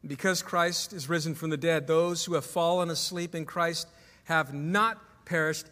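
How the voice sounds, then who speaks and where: A man's voice: fairly high pitch, fairly even intonation, measured pace, pushed and bright, long reverb tail. A man preaching a sermon as pastor to his congregation, emphatic, asking the room questions. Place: church sanctuary.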